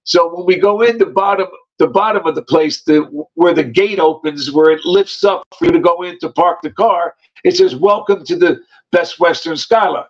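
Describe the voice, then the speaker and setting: New guy high voice telling wild street stories, dull lo-fi sound. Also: normal speed. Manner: animated, streetwise, tough. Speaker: guest, former mobster. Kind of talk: storytelling.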